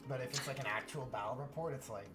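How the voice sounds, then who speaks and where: A man hosting a relaxed hobby stream, chatting in an easygoing way and often restarting his sentences. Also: mid-range voice, quick pace, loud music behind the voice. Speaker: streamer host. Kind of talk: casual chat.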